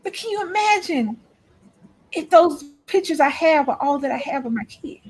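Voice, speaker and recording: A woman with a high voice talks in a relaxed, casual way. She tells stories and drives her points home with emphasis, speaking straight to her listeners. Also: moderate pace. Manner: storytelling, emphatic, lectures trolls. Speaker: co-host. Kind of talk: casual chat.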